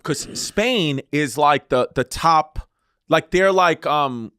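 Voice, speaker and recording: A man's voice: a little high, takes it slowly, pushed and bright, dry recording, clean studio sound. A man co-hosting a comedy podcast, rambling, crude and teasing, laughing often. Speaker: podcast co-host. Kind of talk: casual comedic podcast chat.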